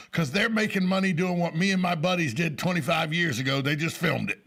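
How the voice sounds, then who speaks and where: A man's voice: a little high, fast talker, sharp tone. A man in his forties hosting a radio talk show, chatting casually and telling self-mocking stories with jokes. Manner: joking, storytelling, self-mocking. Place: radio studio.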